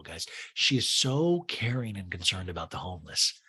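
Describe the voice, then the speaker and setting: Sarcastic, animated man recapping TV. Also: deep voice, moderate pace, husky. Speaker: podcast host. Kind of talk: comedic TV recap.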